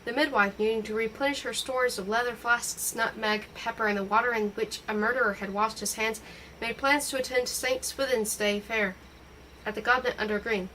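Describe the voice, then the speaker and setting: A woman reading a novel aloud in a steady, expressive storytelling voice. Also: fairly high pitch, moderate pace, far from the mic, a little hiss or hum, rough recording. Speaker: audiobook reader.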